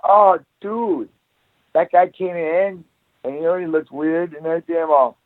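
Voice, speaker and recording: A man's voice: a little high, brisk, no echo. A man guest telling wild stories in casual podcast chat, swearing constantly and acting out each scene. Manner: profane, animated storyteller. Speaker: guest, jiu-jitsu academy owner. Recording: tinny phone-like line.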